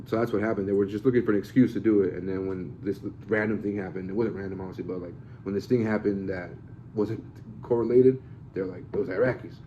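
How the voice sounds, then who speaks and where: Fast, profane, rambling man. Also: lowish voice, steady tone, warm tone, slight background noise. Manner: rambling, profane, hedging storyteller. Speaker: podcast host. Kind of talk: casual podcast chat. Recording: slightly dull lo-fi podcast audio.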